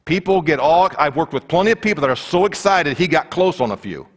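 A man's voice: fairly high pitch, expressive, fairly quick, long reverb tail. A man preaching a conversational sermon, acting out the voices of the people in the story.

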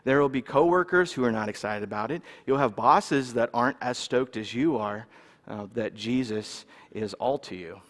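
A man from California, preaching a sermon in a casual, animated way and telling personal stories while checking in with his listeners. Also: mid-range voice, moderate pace, big-room sound. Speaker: pastor.

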